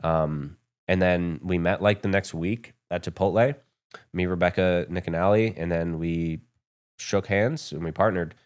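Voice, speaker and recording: Very deep-voiced man telling a story. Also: a little slow. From United States. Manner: candid, profane, rambling with fillers. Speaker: podcast guest, business founder. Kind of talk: casual storytelling interview. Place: podcast studio.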